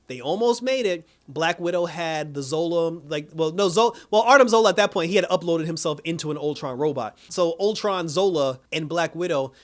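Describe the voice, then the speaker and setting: A young man talking through an episode recap in a loose, slangy way. His voice sits a bit high for a man, and he keeps jumping into short impressions of the characters. It sounds relaxed and off-the-cuff, like an unscripted review. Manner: animated, slangy, acts out characters' lines in quick impressions. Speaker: video reviewer. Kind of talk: casual recap commentary.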